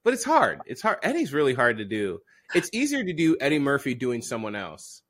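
A man with a mid-range voice and very animated intonation, co-hosting a comedy podcast. He teases his partner, grades his impressions and laughs along in loose chat. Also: mid-range voice, fairly quick. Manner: teasing, critiques impressions, frequent laughs. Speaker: podcast co-host. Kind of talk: casual comedic banter.

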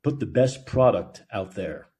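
A man's voice: on the low side, lively intonation, measured pace, mellow. Heated, profane male call-in host. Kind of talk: opinion rant.

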